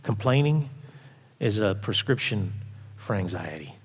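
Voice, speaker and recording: A man's voice: fairly low pitch, animated, unhurried, slightly rough. A man preaching a sermon in a conversational way, often asking the congregation questions. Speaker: pastor. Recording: long hall reverb.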